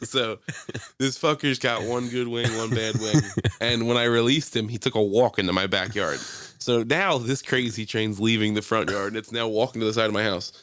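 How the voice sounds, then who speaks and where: A man's voice: on the low side, steady tone, moderate pace, a bit bright, dry recording. A young man telling a story on a podcast in a casual, profane way, laughing often and acting out other people's voices. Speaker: podcast host.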